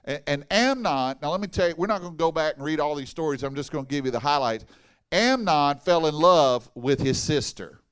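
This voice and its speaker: Male pastor, higher-pitched voice, folksy animated sermon with humor. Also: brisk, clean tone. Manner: folksy, animated preaching with humor and crowd asides. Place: church hall.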